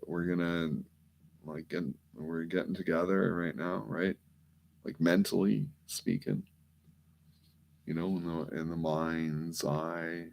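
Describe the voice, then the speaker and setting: Male host, meandering drawl, very slow and rough-edged, casual cussing. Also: low voice, a little mellow. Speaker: podcast host. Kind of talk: rambling late-night monologue.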